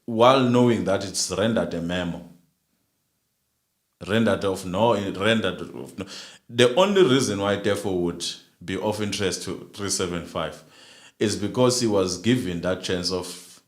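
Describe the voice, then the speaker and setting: A man co-hosting a live stream, giving his views in halting speech full of repeated words and fillers. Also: low-pitched. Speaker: livestream co-host commenting on a court case. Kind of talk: casual live commentary.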